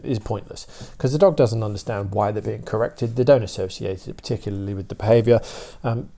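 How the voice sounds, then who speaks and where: A British man, a dog trainer, explaining his views in a steady, opinionated casual talk with many fillers. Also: fairly low pitch, creaky.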